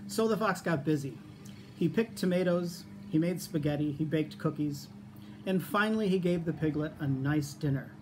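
A man reading a children's picture book aloud as a teacher, in a lively, expressive storytelling manner. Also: on the high side, normal speed, background noise.

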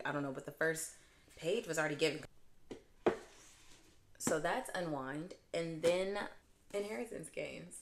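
A young woman chatting casually as a book vlogger, gushing and expressive, with dramatic swings in pitch and volume. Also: a little slow, vocal fry, pauses often, background noise. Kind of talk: casual chat.

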